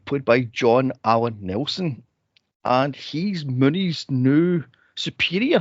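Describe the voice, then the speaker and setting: A man co-hosting a movie podcast, animated and sweary, laughing and acting out scenes in casual chat. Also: on the high side, no room sound. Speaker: podcast co-host. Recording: dry, dull lo-fi podcast audio.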